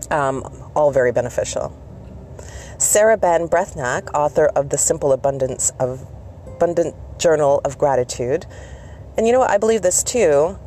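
Mellow-voiced Canadian woman vlogger. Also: low voice, a little hiss or hum. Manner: warm, encouraging, chatty with small asides. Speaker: self-care vlogger and host. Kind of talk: casual motivational talk.

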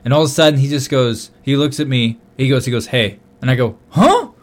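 A young man casually telling a long story on a podcast, swearing often and getting loud when he quotes himself. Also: medium pitch, fast. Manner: animated, swears a lot, loud bursts when quoting himself. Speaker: podcast co-host.

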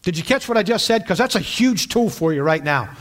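A man's voice: high-pitched, lively intonation, fairly quick, a bit bright. A man from western Pennsylvania preaching, telling a personal story with repeated words and check-ins with listeners. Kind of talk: sermon storytelling.

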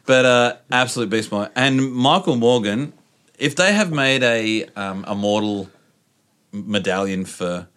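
A man's voice: mid-range voice, measured pace. An Australian man hosting a casual sports chat, telling stories with lots of laughter. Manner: animated storyteller, laughs often. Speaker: podcast host.

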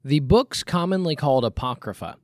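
A man preaching a sermon, asking rhetorical questions and using deliberate pauses, rising sharply on key points and dropping low to finish them. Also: expressive, dry recording, clean studio sound.

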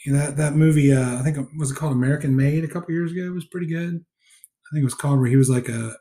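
A man's voice: a little high, fairly even intonation, very fast, dark tone. A man hosting a podcast in a casual, rambling chat full of fillers. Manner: rambling, many fillers and restarts. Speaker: podcast host.

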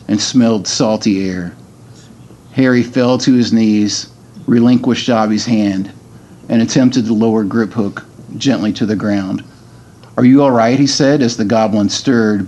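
A man's voice: on the low side, mellow, lo-fi sound. A middle-aged man, a podcast guest, chatting casually and reading a book aloud, hesitant with many ums and restarts.

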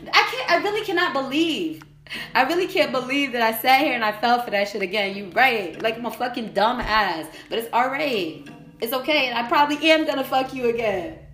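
A woman with a high voice rants hotly, swearing and circling back to the same complaints. Her voice rings in an echoey room with faint music behind her. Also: a bit bright. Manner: heated, profane, repetitive ranting. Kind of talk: angry venting monologue.

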